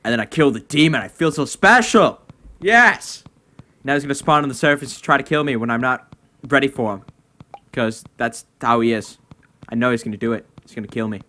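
Excitable young man, bright voice. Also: medium pitch. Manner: excitable, shouts and laughs at wins. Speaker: gaming video host. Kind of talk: let's-play commentary. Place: home room.

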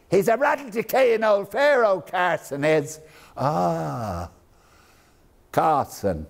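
A man's voice: medium pitch, a little mellow. An actor with an Irish accent playing an aging, proud statesman in a theatrical one-man stage monologue, wry and grand, savoring each phrase.

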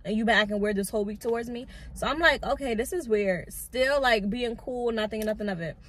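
A young adult woman and lash artist telling a storytime with a calm, chatty delivery full of "like". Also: a little high, quick pace. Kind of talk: casual storytime.

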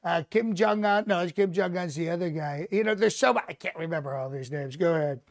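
A blustering older politician who brags, repeats himself and wanders off on tangents, his voice pitched up high, as a comedian puts him on. He rambles through a live mock press conference. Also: fairly quick, close to an everyday voice. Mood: boastful. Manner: bragging, repetitive, rambling asides.

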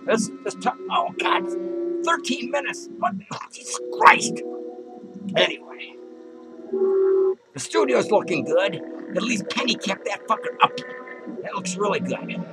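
A man playing a cranky, foul-mouthed male clown who rambles and rants in a comedic character monologue, with loud music playing behind him. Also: high-pitched, animated, a little slow, long pauses, low-quality recording. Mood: ranting. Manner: profane, rambling ranting.

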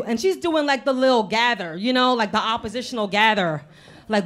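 A woman in her thirties performs stand-up on a live stage, her voice sitting a little high. She talks mouthy and animated, breaking off her stories to throw asides at the crowd. She also hosts the show. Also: quick pace. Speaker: stand-up comedian and show host. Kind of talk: stand-up comedy set. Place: live stage before an audience.

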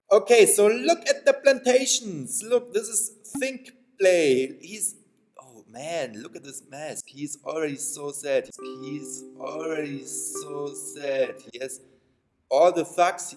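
Excitable high-voiced gaming commentator man. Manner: playful, taunting, laughs often. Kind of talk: excitable let's-play commentary.

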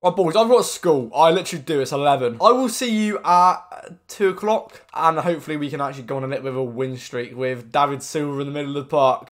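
A young man commentating his own football video game matches, excitable and swearing, often yelling at the players. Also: fairly high pitch, fast. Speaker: gaming YouTuber. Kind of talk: live gameplay commentary.

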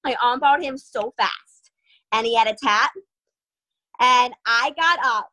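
A young adult woman, an MMA fighter, telling stories in an interview in a lively way, quick, full of "like" and laughter. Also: a little high. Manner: animated, fast, full of "like" and laughter. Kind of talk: casual storytelling interview.

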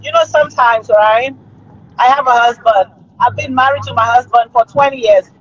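A woman's voice: a little high, steady tone, normal speed, breathy edge. A middle-aged woman, telling a story in a casual chat and often checking in with her listener. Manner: chatty, keeps checking in with the listener. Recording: slightly muffled recording.

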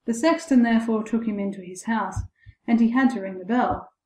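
A woman's voice: on the high side, brisk, mellow. Woman reading a fairy tale, echoey. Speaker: storyteller. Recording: echoey room.

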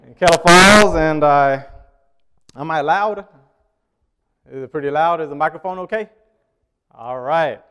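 Guy preaching to his church, kinda high voice, chatty, keeps asking the crowd stuff, goes loud then soft. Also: unhurried, pauses often, clear, resonant tone. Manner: conversational, asks the congregation questions; swings between loud emphasis and quiet asides. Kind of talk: sermon.

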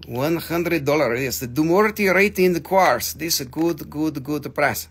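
A man's voice: a little high, moderate pace, a bit bright, slightly rough. A man hosting a live stream and selling gemstones, joking and cursing in loose, broken grammar as he talks into his phone. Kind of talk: casual live-stream sales pitch.

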